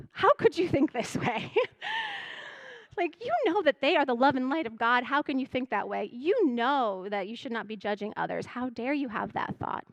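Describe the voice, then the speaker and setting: A woman giving a spiritual message to a congregation, speaking gently and reflectively, often voicing her own inner thoughts. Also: medium pitch, dry recording. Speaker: church music director giving a message.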